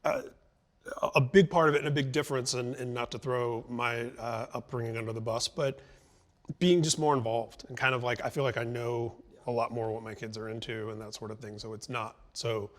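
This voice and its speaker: A man's voice: mid-range voice, fairly even intonation, brisk. A middle-aged man hosts a conversational interview in an ordinary mid-range voice. He speaks in long, reflective turns and builds his points thoughtfully. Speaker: interview host.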